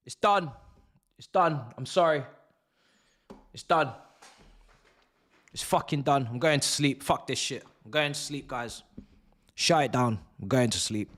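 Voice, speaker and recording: A man's voice: mid-range voice, unhurried, long pauses, fairly bright tone. A young man streaming a live football watch-along from home, ranting and swearing with bursts of laughter. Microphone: desk mic.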